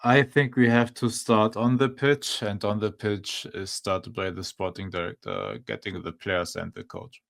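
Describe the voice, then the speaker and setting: A man joining a casual sports podcast chat, speaking haltingly with restarts. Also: fairly low pitch, lively intonation, creaky. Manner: halting, hesitant.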